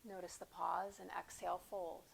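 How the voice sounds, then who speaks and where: A woman teaching a yoga class, calmly cueing breaths and poses at an unhurried pace. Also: lowish voice, gravelly, a little hiss or hum. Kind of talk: guided yoga class instruction.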